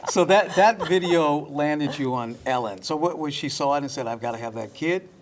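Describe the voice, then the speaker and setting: A man's voice: fairly high pitch, normal speed, slight background noise. Man co-hosting a TV interview, chuckling often. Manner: laughs often, encouraging questions. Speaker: talk show co-host. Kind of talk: TV studio interview. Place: TV studio.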